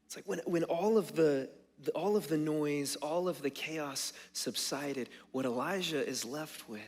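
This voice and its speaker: Male pastor, earnest sermon delivery that swings hushed to emphatic, reverberant church hall. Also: fairly high pitch, unhurried. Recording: long hall reverb with faint music.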